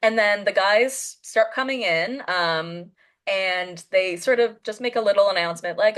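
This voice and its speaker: A woman hosting a podcast over a video call, telling a story in a casual, animated way and acting out the voices of the people she quotes. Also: mid-range voice, a little slow.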